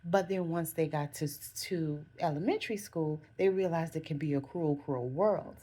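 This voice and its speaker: A woman vlogger speaks in a relaxed, conversational way, sharing reflective self-help thoughts. Her voice sits a little low and sounds warm and mellow. She keeps circling back with "again" and "you know" and corrects herself mid-sentence. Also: moderate pace.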